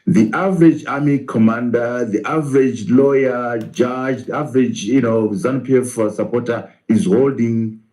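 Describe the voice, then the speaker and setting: A man's voice: medium pitch, normal speed, few pauses, dark tone, rough recording. A man, a professor, arguing in a political interview, asking rhetorical questions and answering them himself.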